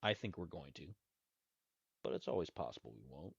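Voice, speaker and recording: Low-voiced and brisk, this podcast host swings widely in pitch, with vocal fry and a breathy edge. His casual solo talk rambles loosely with restarts and asides, captured in a dry, dull lo-fi recording with no echo.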